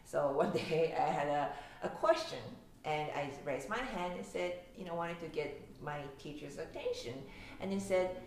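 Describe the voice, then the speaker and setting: A woman's voice: low voice, normal speed, a little mellow. A young woman from Osaka with a Japanese accent, teaching pronunciation in a casual lesson and laughing often. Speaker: language teacher. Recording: very echoey room.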